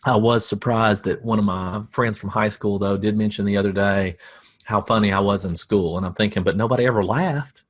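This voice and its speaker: Man, low voice, dry humor, casual coaching talk, dead dry room. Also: flat delivery, normal speed, dry recording. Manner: dry humor, chuckles at own jokes. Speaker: business coach.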